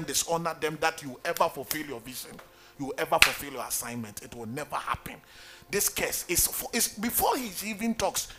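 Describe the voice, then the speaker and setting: A man's voice: high-pitched, vocal fry, bright, forceful tone. A man preaching a sermon as pastor, emphatic and sing-song, calling for amens from the congregation.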